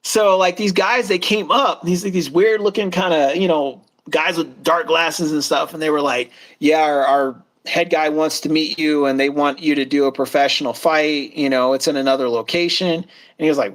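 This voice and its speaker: A man with a high-pitched voice, co-hosting a casual talk show. He tells long, rambling stories and slips into the voices of the people in them. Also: normal speed, fairly bright tone. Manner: rambling storyteller, acts out quoted voices. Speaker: co-host. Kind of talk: casual chat.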